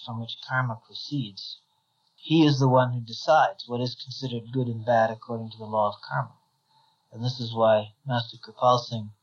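Give me a thoughtful man teaching from scripture, middle-pitched, on a slightly muffled recording. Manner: measured, thoughtful, with small restarts. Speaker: spiritual teacher. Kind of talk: reading scripture and commenting.

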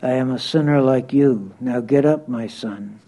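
A man's voice: mid-range voice, a little slow, natural voice, low-quality recording. A man reading aloud, voicing a revered spiritual master who speaks kindly but firmly. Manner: kindly, gently firm. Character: revered older male spiritual master, gentle and patient.

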